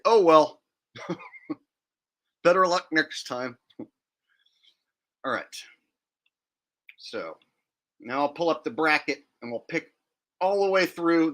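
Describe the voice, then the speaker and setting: A man's voice: mid-range voice, fairly bright tone. A man hosting a livestream, talking in a blunt, defiant and profane way. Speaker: livestream host. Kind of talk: casual livestream rant.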